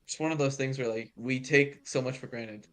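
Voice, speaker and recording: A man co-hosting a TV aftershow in casual chat, making dry, deadpan quips. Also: medium pitch, moderate pace. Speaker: aftershow co-host.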